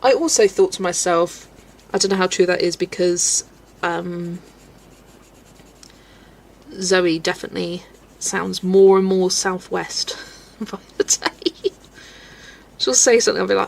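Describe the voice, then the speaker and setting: A woman hosting a relaxed livestream, chatting and laughing with viewers as she greets them by name. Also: fairly low pitch, measured pace, vocal fry, long pauses. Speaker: livestream host. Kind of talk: chatty livestream while colouring, reading chat.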